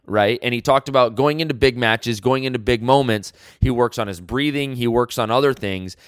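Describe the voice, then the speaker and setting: A man's voice: medium pitch, normal speed, few pauses, clean tone, no room sound, studio quality. A man hosting a solo sports podcast, talking in a loose conversational way with frequent restarts. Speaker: podcast host.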